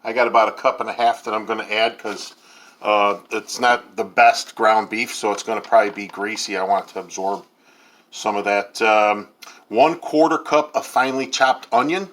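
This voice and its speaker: A man's voice: on the low side, fairly even intonation, moderate pace, a bit bright. A man in his fifties hosting a casual cooking video, talking in a rambling way with lots of ums and uhs. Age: 50s. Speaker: home cook host.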